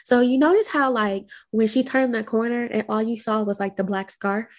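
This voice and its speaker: A woman with a fairly high voice tells a story casually on a podcast. She is lively and acts out the quotes in her tale. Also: moderate pace. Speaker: podcast co-host.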